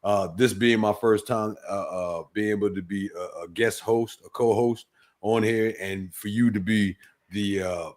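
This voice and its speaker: A man's voice: on the low side, fairly even intonation, a little slow. A man co-hosting a casual chat, speaking hesitantly with many fillers and restarts. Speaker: guest co-host.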